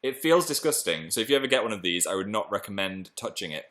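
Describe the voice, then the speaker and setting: A young British man chatting excitedly on a live stream and reading viewer messages aloud. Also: fairly low pitch, quick pace. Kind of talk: casual live stream chat.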